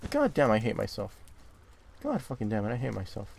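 A young man hosting a gaming video, chatting casually and often swearing and yelling when startled, recording in a dark closet. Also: on the low side, huge pitch swings, a little fast, gravelly, slight background noise. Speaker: gaming channel host. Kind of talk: casual game commentary.

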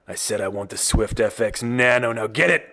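A man's voice: lowish voice, normal speed, a bit bright. A man voicing a bossy, know-it-all male customer who barks curt orders.

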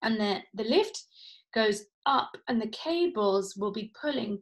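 Upbeat woman leading a vocal warm-up. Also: on the high side, lively intonation, measured pace. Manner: encouraging, playful instruction with demonstrated sounds. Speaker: vocal coach. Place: home, indoors.

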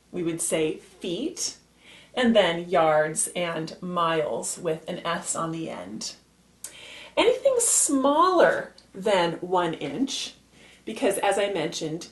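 A woman teaching a math lesson for young children, patiently spelling out letters and repeating key points. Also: mid-range voice. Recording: echoey room.

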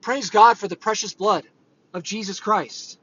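Earnest man preaching off the cuff, high and bright, muffled lo-fi recording. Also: a little slow. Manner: earnest, conversational, rambling with fillers. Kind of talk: informal sermon. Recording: dull lo-fi audio.

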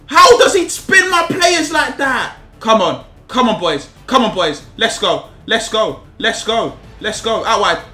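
Young guy yelling at a football game, high bright voice, echoey room with music behind. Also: expressive, a little slow, hardly any pauses. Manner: frustrated, shouts at the game, repeats phrases. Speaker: gaming YouTuber. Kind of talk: live gameplay commentary.

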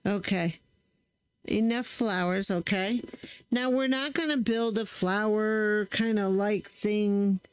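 A woman taking it slowly in a smooth, medium-pitched voice chats casually on her crafting channel while testing stamps. She often corrects herself as she works, and the recording is low quality.

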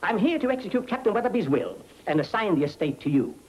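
An actor playing a nervous attorney in a 1940s film, urgent, clipped and impatient. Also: male voice, high voice, sing-song, fast, slightly rough, exaggerated voice, rough recording. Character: nervous, hurried male lawyer.

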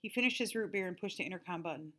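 A teacher reading a novel aloud to her class in a calm, steady storytelling manner. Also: fairly low pitch, very fast.

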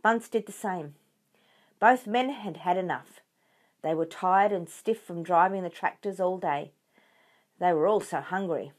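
A woman reading a children's book aloud in a clear, expressive way. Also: lowish voice, measured pace. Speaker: storyteller for children.

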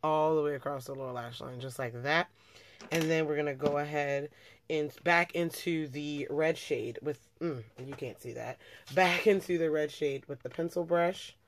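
A woman's voice: low voice, moderate pace, a little hiss or hum. A young woman chatting casually through a makeup tutorial, talking as she works and often correcting herself. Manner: chatty, talks while working, frequent self-corrections. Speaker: beauty vlogger.

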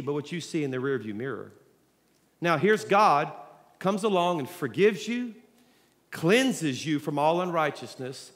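High-voiced preacher in a church hall. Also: male voice, fairly bright tone. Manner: conversational storytelling preacher, jokes with congregation. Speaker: pastor. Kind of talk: sermon. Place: large church auditorium.

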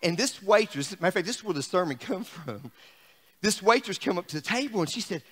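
A bright, high-pitched man preaching in a church with a long, ringing reverb. His voice leaps up and down as he moves from shouted praise to soft, confiding asides, exuberant and lively throughout. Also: brisk. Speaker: pastor. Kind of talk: sermon. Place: church sanctuary.

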